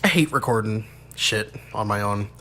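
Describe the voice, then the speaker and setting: A man's voice: on the low side, lively intonation, moderate pace, bright, forceful tone. Rambling, swearing man in his thirties. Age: 30s. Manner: rambling, swears a lot, laughs often. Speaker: podcast host. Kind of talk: casual chat.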